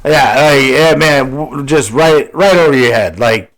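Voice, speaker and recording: A man's voice: medium pitch, a little slow, rough recording. A man from Washington State co-hosting a podcast, telling stories casually, acting out quotes and swearing freely. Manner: animated storyteller, acts out quotes, swears freely. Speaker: podcast co-host. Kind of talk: casual storytelling chat.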